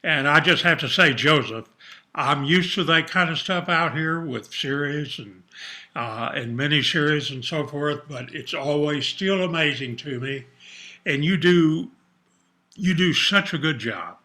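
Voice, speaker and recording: A man's voice: fairly high pitch, a little slow. A man, a producer and director, chatting casually as a guest on a radio show. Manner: friendly, relaxed. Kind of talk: casual interview chat.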